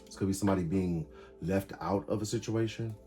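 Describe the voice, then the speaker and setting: A man's voice: sits low, brisk, mellow, soft background music. A man giving a casual tarot reading, calling out cards in short emphatic bursts. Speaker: tarot reader.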